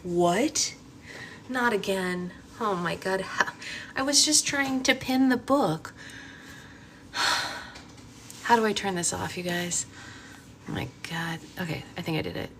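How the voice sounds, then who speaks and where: Woman, mom vlogger, thirties, animated, self-mocking, baby talk, noisy home recording. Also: medium pitch, takes it slowly, pauses often. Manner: animated and exclaiming, laughs at herself; sing-song baby talk to her infant. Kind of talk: casual vlog chat.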